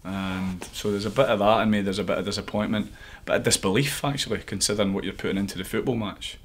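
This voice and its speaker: A man's voice: fairly low pitch, steady tone, fast talker, slightly rough. A man, an assistant football coach, giving earnest interview answers and thinking aloud with frequent restarts.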